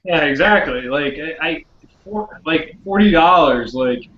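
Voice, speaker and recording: A man's voice: fairly high pitch, lively intonation, unhurried, fairly bright tone, roomy sound, highs cut off, slight background noise. A man on a casual podcast, rambling and saying "like" a lot. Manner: rambling, heavy use of "like". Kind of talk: casual chat.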